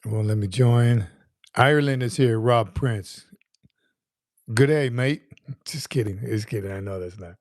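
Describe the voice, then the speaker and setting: A man in his fifties chats casually through a livestream, rambling and circling back over his words as he reads comments aloud. His voice has a mellow, relaxed tone, and the sound is dry and close with no room around it. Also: lowish voice, normal speed, no room sound. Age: 50s. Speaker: livestream host.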